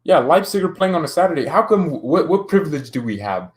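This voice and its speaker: A man hosting a football channel, wrapping up a video in a casual, rambling way, thinking aloud and complaining jokingly with sudden high exclamations. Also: big pitch swings, fairly quick.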